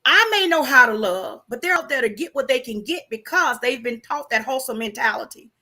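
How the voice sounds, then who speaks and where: Bright, high-voiced woman preaching emphatically. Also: lively intonation, a little fast. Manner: emphatic, preachy, repeats rhetorical questions. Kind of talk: casual faith-based conversation.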